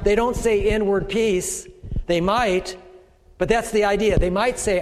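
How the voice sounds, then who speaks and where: High-voiced man preaching in a reverberant hall. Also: lively intonation, a little slow. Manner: conversational preaching, acts out quoted voices. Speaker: pastor. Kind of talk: sermon. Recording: echoey hall with long reverb.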